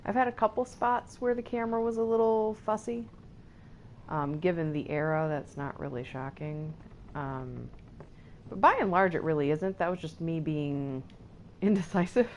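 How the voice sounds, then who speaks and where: A woman's voice: deep voice, moderate pace, muffled recording, a little hiss or hum. A woman streamer giving chatty, giggly commentary while playing a video game, talking back to the characters on screen. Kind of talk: casual let's-play commentary.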